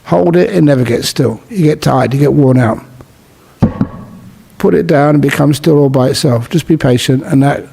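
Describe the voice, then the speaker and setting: Gravelly, mellow-voiced monk telling jokes. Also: male voice, a little high. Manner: humorous, storytelling with jokes; gentle, unhurried teaching. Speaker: Buddhist monk giving a dharma talk. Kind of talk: relaxed dharma talk. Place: talk at a city meditation centre.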